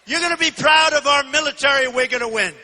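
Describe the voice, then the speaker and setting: A man's voice: extremely high pitch, quick pace. Male, 60s, political candidate, punchy repetitive rally delivery, long arena reverb. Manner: emphatic, repetitive, often shouting. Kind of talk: campaign rally speech. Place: large indoor arena.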